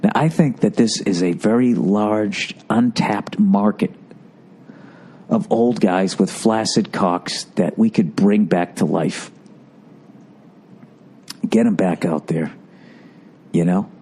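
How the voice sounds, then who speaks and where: A man's voice: fairly low pitch, slow pace, long pauses, mellow, slightly rough. A man hosting a podcast, delivering a profane, sarcastic comic rant, mocking and riffing loosely. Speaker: podcast host.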